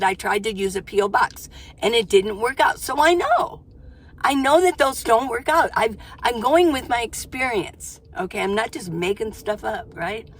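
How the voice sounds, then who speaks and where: A woman's voice: mid-range voice, a little hiss or hum. An older woman, a van life vlogger, talking casually to camera in a chatty, exclamatory way, often breaking off mid-sentence. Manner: chatty, self-interrupting, exclamatory. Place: inside her minivan.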